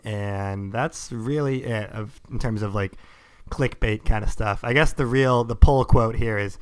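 A man talks sports in a relaxed podcast chat, his voice clean and smooth. He rambles, circling his points with plenty of filler words as he thinks aloud. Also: fairly low pitch, measured pace. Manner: rambling, heavy use of "like". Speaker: podcast co-host.

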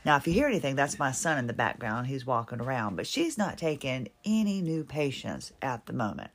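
A woman's voice: low-pitched, very animated, normal speed. A middle-aged woman from Virginia with a Virginian accent, talking casually and wryly on her own podcast. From Virginia, USA. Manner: chatty, wry, laughs at herself. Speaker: podcast host. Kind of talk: casual monologue.

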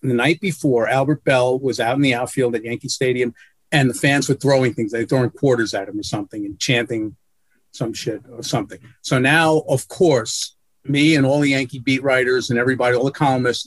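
A man's voice: medium pitch, steady tone, fairly quick, no echo. A man telling blunt, profane stories as a guest in an interview over a video call. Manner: blunt, profane, self-deprecating. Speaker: guest, sportswriter. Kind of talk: casual interview storytelling.

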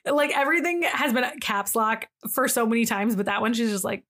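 A woman with a fairly high voice co-hosts a podcast and retells a wild story in loose, casual chat. She swears freely and laughs between lines. When she quotes people, her voice jumps up sharply. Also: fairly quick, fairly bright tone. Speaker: podcast co-host.

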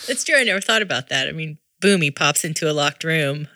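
Woman, podcast co-host, eager casual chat, bright voice, dry sound. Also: sits low, animated, brisk, no echo. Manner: enthusiastic, responsive.

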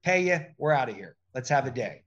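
Animated, emphatic man, lo-fi sound. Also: mid-range voice, fairly quick. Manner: animated, emphatic, acts out quoted exchanges. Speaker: podcast guest. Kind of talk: conversational interview.

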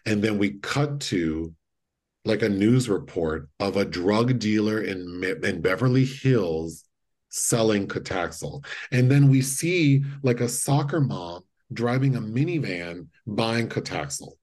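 A man co-hosting a podcast, retelling movie scenes in a casual, animated way and acting out the lines. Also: lowish voice, takes it slowly. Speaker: podcast co-host. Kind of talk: casual chat.

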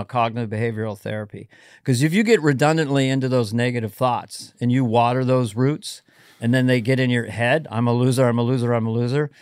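A man's voice: medium pitch, no room sound, clean studio sound. A middle-aged man, a comedian guest in casual podcast chat, musing and giving advice in a wandering way.

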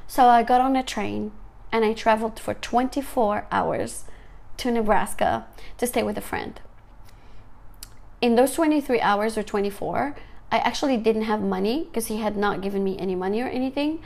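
Woman, fairly high voice, earnest, emotional, emphatic personal testimony. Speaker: author and teacher sharing her story.

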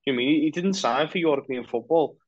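A man co-hosting a casual football podcast, rambling through animated opinions. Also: fairly high pitch, very fast, breathy edge, no room sound, muffled recording. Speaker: podcast co-host.

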